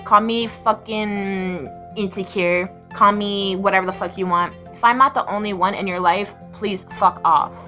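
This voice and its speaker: A woman's voice: mid-range voice, bright, forceful tone. A young woman telling her life story to the camera in a blunt, profane way, now and then squealing her inner voice. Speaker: vlogger.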